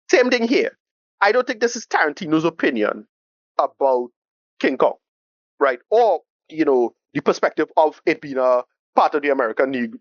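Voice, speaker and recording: A man talks through a movie in a casual podcast chat, rattling on quickly and often tripping over his own words. His voice sits a bit high for a man. The sound is dry and a little dull, like a lo-fi home mic. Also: no room sound. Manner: fast, animated, restarts and repeats words, asks "right?". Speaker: podcast co-host. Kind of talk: casual film discussion.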